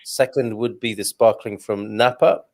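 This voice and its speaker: A man's voice: fairly low pitch, steady tone, moderate pace, vocal fry. A man in his forties hosts a wine club chat, joking and wandering into rambling asides. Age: 40s. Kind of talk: casual online group chat.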